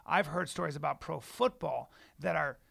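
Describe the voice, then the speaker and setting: A man's voice: a little high, creaky, a bit bright. A man in his forties co-hosting a podcast, arguing his point eagerly on a studio mic. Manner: eager, argumentative, rapid-fire. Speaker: podcast co-host. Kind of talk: casual debate.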